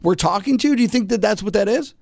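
A man's voice: high-pitched, animated, fast talker, gravelly, darkish tone, no echo. A man hosting a casual call-in radio talk show, full of asides and rhetorical questions.

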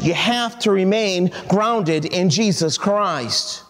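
Man, pastor preaching, high voice, earnest and emphatic, long reverb. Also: slow, few pauses. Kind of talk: sermon.

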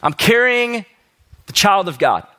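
A preacher voicing an earnest young Mary. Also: male voice, sits high, very animated, unhurried, pushed and bright, heavily acted. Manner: pleading, insistent.

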